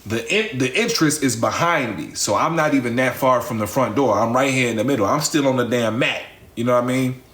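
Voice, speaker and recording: A man's voice: medium pitch, brisk, hardly any pauses, fairly bright tone. A man casually telling his followers a personal story, repeating phrases, talking straight to the audience and swearing freely.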